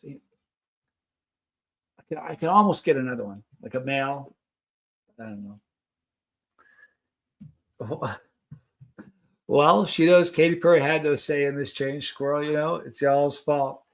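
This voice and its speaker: A man hosting a live stream, chatting casually and reading out viewer comments in a rambling, friendly way. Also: high voice.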